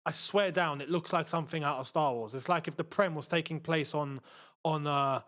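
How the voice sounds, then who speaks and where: This football channel host, a young man with a London accent, talks excitably through a live watchalong, muttering to himself as he messes with the screen. His voice is on the high side, at a moderate pace.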